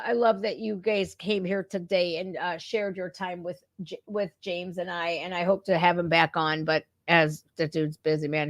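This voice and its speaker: Fired up and swearing a lot, a woman rants casually as the host of her own reaction show. Her voice is on the low side, and the remote streaming recording has no echo.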